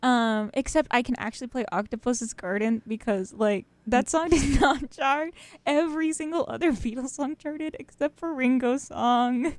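A woman's voice: high-pitched, moderate pace, no echo. A young woman hosting college freeform radio, chatting casually and rambling between songs with lots of fillers and laughs. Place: radio studio.

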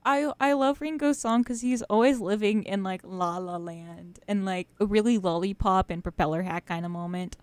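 A young woman chats loosely between songs on a college radio show, full of fillers and easy laughs. Her voice is smooth and resonant. The studio sound is dry and close. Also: mid-range voice, moderate pace, darkish tone, no echo. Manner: chatty, rambling, laughs often, many fillers.

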